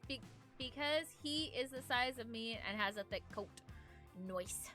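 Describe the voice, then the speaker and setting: Young woman streamer, high bright voice, rambly chatty reading chat, soft music in the back. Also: animated, fairly quick. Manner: chatty, rambling, reads viewer messages aloud. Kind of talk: casual chat with viewers. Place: home. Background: faint background music.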